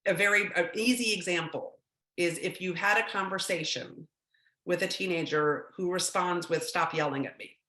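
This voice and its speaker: A woman's voice: on the low side, steady tone, normal speed, sharp tone, echoey room. A woman giving a talk to parents, conversational and often checking in with "right?", now and then acting out short quotes. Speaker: speaker on teen mental health.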